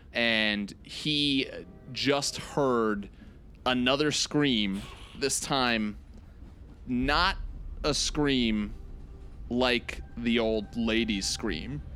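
A man playing a tabletop game, narrating his character's actions in a deliberate, suspenseful way. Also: mid-range voice, a bit bright, a little hiss or hum. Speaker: player.

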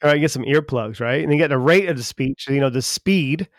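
A man from Charleston, co-hosting a podcast in casual chat; he talks fast and folksy, with jokes. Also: mid-range voice, no room sound, clean studio sound. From Charleston, South Carolina, US. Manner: talks fast when excited, folksy and joking. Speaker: podcast co-host.

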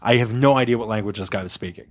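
Racing along in a lowish voice, this podcast host spins out a long, casual story. He rambles, breaks into laughter, and performs the quoted lines himself.

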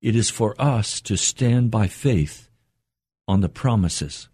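An older man preaching an earnest radio sermon, his voice climbing higher as he presses a point. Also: lively intonation, takes it slowly, darkish tone, slightly rough, no echo, clean studio sound. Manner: earnest, rising in pitch for emphasis and quotes.

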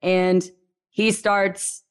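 A young woman from Louisiana with a Southern accent, telling her story as a guest in a casual, lively way with playful slang. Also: medium pitch, extremely slow, clean tone.

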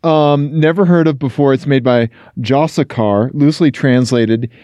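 A man's voice: medium pitch, moderate pace, warm tone, dry recording, dull audio. A man from Missouri co-hosting a podcast in casual chat, talking with many fillers and restarts. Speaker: podcast co-host.

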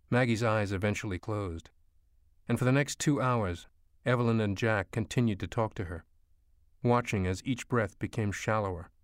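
An audiobook narrator with a low, smooth male voice reads a novel from a script in measured, expressive storytelling. The studio sound is clean, with no room sound.

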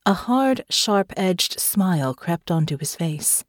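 A woman's voice: lowish voice, lively intonation, takes it slowly, no echo, clean studio sound. A woman reading a fantasy novel aloud as audiobook narrator. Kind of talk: scripted narration.

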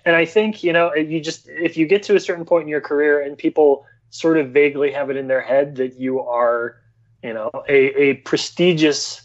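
A man's voice: on the high side, steady tone, normal speed. A man co-hosting a casual podcast, musing wryly and hedging his points. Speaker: podcast co-host. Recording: dull lo-fi sound.

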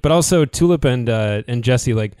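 A man from Michigan co-hosting a casual podcast, chatting in an animated way with restarts and laughter. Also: medium pitch, moderate pace, clean tone, no echo, studio quality. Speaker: podcast co-host. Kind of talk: casual chat.

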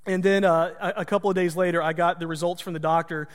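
A pastor with a high-pitched voice tells a personal story from the pulpit, chatty and poking fun at himself. His voice rings out with a long reverb, as in a large hall. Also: level tone, fast talker. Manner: conversational, self-deprecating humor. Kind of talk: storytelling sermon.

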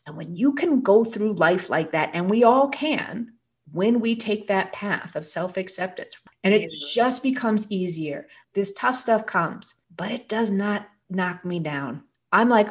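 An earnest woman talking in an easygoing conversational interview. Her voice sits at a middle pitch, and she speaks with emphatic, lively energy. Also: moderate pace. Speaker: guest speaker on recovery.

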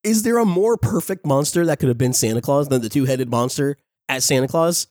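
A man in his forties talks through a casual review with quick, excited energy and frequent laughs. His voice sits at a middle pitch. The sound is dry and close, with no room echo. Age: 40s.

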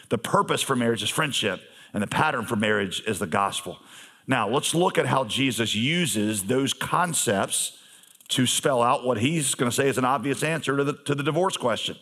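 A male pastor preaching a sermon in a conversational manner, with humorous asides and emphatic pauses. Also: medium pitch, fairly bright tone.

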